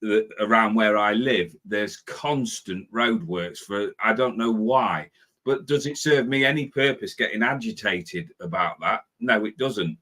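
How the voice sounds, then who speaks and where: A man in his fifties hosting a motivational talk as a spiritual life coach, lively and quick to act out his own impatient inner voice. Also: lowish voice. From Britain. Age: 50s.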